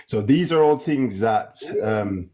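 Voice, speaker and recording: Thirty-something guy calling in, calm and explaining, kinda low voice, muffled lo-fi audio. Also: slow, a crowd in the background. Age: 30s. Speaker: caller.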